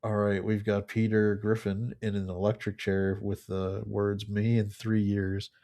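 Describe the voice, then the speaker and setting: A man co-hosting a casual chat show, reading memes aloud one after another. His voice sits low and stays fairly flat, and he laughs often between jokes. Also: measured pace. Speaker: podcast co-host reading memes.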